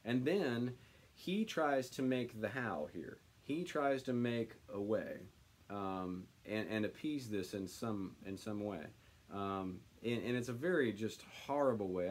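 A man leads a casual Bible study, reading scripture out slowly and then musing on it. He talks as he thinks, with plenty of ums and uhs between his thoughts. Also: lowish voice. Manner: thinks aloud with many fillers, reads slowly then comments.

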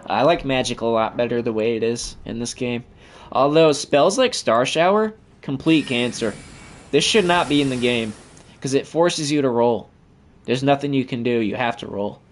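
A man's voice: medium pitch, normal speed, a little hiss or hum. A man giving profane, trash-talking commentary over his own gameplay as the channel host.

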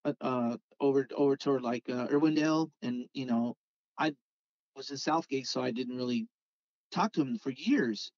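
A man, a podcast guest telling a rambling, animated story and acting out the dialogue. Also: medium pitch, moderate pace, dry recording, lo-fi sound. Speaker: podcast guest, scale model car artist. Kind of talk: casual storytelling chat.

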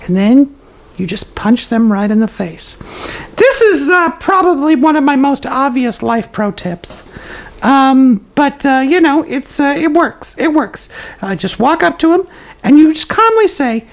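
A cheerful toilet paper roll puppet with a very high, squeaky voice. The puppet hosts a comedic live stream and gives absurd tips with confident, matter-of-fact delivery. It turns to the viewers now and then with a few ums and uhs. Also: male voice, animated, measured pace, full character voice. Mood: zany. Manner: chats to the live chat, hesitant fillers.

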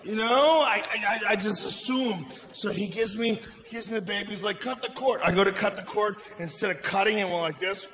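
A middle-aged man doing a stand-up comedy set, telling a story loudly and profanely with shouted bursts. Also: sits high, fairly quick, hardly any pauses, noisy background. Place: comedy venue on stage. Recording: echoey live venue with ambience.

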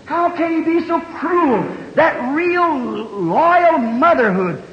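A man preaching a sermon, telling a story in a folksy country way with plain homespun grammar. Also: extremely high pitch. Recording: dull, echoey 1960 hall recording.

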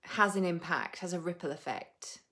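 A young adult woman with a low voice, chatting casually to viewers on a live stream. She rambles and laughs a lot. She drops the odd swear word without fuss. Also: normal speed, bright, forceful tone. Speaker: coach hosting a live stream.

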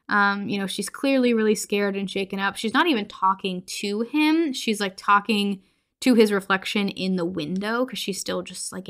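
A woman's voice: mid-range voice, pushed and bright. A young adult woman hosting a podcast, casually retelling a horror movie scene by scene, laughing often and acting out the characters' lines. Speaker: podcast host.

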